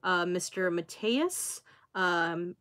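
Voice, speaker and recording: Speaking extremely slowly in a fairly low voice, a woman in her twenties runs a relaxed livestream as a YouTuber. She's chatty and expressive, reads comments aloud from viewers, and fills gaps between thoughts with plenty of filler words.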